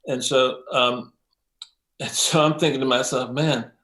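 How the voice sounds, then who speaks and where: An older man, a mix engineer as interview guest, telling stories in a lively way, acting out quotes, with many ums and some swearing. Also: mid-range voice, unhurried. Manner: animated storyteller, acts out quotes, frequent ums and profanity. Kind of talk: casual interview storytelling.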